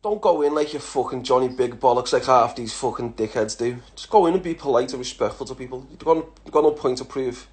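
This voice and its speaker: Fast and with few pauses, this medium-pitched, darkish-toned man from England, in his thirties, runs through follower questions for his social media audience. The chat is casual and blunt, full of swearing and calls of lad.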